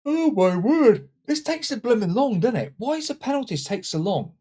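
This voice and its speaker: A man commenting on his own football management game, swinging between loud exclamations and muttered asides. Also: extremely high pitch, sing-song, a little fast, slightly rough. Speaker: gaming channel host. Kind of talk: let's-play commentary.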